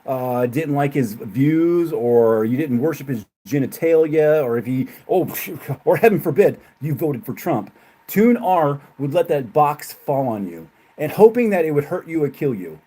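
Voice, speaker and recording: Expressive and a little slow, a man ranting on his livestream taunts his chat with profanity. He laughs frequently, veering from loud jabs into low muttering.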